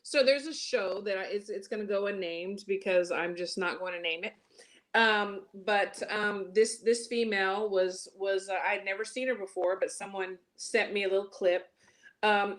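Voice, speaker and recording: A woman hosts a relaxed talk show. She talks in an animated way, loose and full of fillers. Her pitch sits in an ordinary middle range. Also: normal speed. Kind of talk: casual chat.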